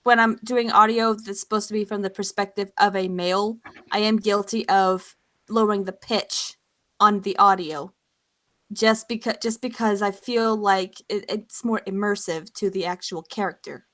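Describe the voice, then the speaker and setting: A woman's voice: mid-range voice, fairly even intonation, moderate pace, a bit bright. A woman who narrates audio stories, chatting casually and repeating words as she starts her sentences. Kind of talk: casual chat.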